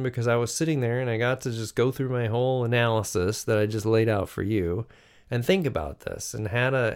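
Podcast host, American man, middle-aged, unhurried reflective monologue, smooth clear voice. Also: medium pitch. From United States. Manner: musing, unhurried, with frequent restarts and fillers.

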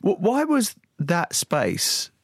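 A man's voice: sits high, huge pitch swings, takes it slowly, gravelly, husky, dry recording, studio quality. Friendly male radio interviewer. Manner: friendly, curious questioning. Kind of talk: casual interview.

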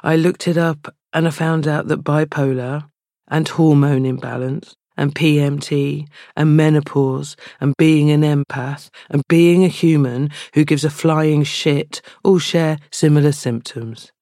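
A woman, a novelist reading her own prose slowly and then chatting with quick laughter. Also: sits low, fairly even intonation, mellow, dry recording, studio quality. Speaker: novelist guest. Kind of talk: reading aloud and casual chat.

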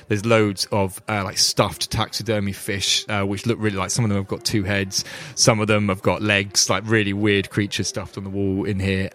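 A man's voice: lowish voice, fairly bright tone. A man narrating a tabletop game as game master, casual and giggly. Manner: giggly, casual, many fillers.

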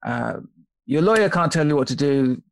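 A man's voice: a little high, lively intonation, moderate pace, gravelly, a little hiss or hum. A man being interviewed as an author on a podcast, explaining ideas thoughtfully with frequent restarts and checking in with "right?". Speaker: author and guest.

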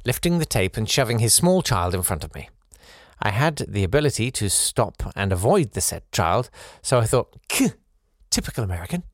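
A man's voice: fairly low pitch, normal speed, no echo, studio quality. A man hosting a podcast, reading out a listener's letter with playful asides of his own. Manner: animated, playful asides between read passages.

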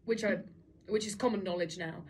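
A woman's voice: medium pitch, fairly quick, a little hiss or hum. A woman, co-hosting a casual chat podcast and expressively acting out dialogue in her anecdotes. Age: 20s. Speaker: podcast co-host.

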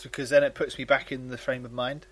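A man in casual comedic banter, exasperated and quick to protest as co-host. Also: mid-range voice, little pitch movement, a bit bright.

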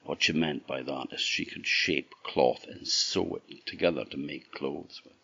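Deep gravelly Orkney Scottish man telling a folk tale, dry and dull sound. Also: unhurried, sharp tone. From Orkney, Scotland. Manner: chatty, asides to the listener. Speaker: storyteller.

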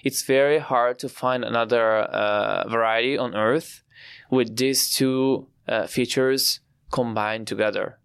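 A young Italian man with an Italian accent, explaining his family's winemaking with pride and frequent pauses. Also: mid-range voice, steady tone, creaky, fairly bright tone, smooth, no room sound, studio quality. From Italy. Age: young adult. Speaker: winemaker guest. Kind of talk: podcast interview.

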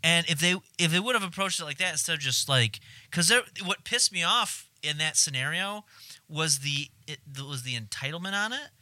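Animated male co-host, bright voice, dry recording, loose profane chat. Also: a little high, normal speed, dry recording. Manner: animated storyteller, swears freely, acts out shouting. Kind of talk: casual chat.

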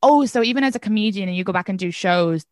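A woman's voice: mid-range voice, fast, no echo, studio quality. An Irish woman in her thirties, a comedian guest chatting casually on a podcast, telling stories with lots of swearing and laughter. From Ireland. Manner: animated storytelling, swears freely, laughs often.

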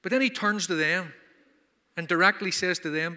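A man's voice: high voice, normal speed, bright, forceful tone, big-room sound. A man preaching a sermon at a conference, emphatic and full of rhetorical questions. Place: conference hall.

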